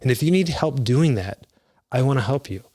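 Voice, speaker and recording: A man's voice: medium pitch, expressive, moderate pace, dark tone, breathy edge. A man in his thirties giving earnest, conversational advice to fathers, with restarts and asides. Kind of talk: casual motivational talk.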